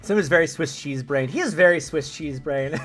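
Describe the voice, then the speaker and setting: A man's voice: a little high, normal speed, a bit bright, soft background music. A young man streaming a video game, chatting casually with his viewers in a rambling way with lots of fillers. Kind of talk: casual let's-play commentary.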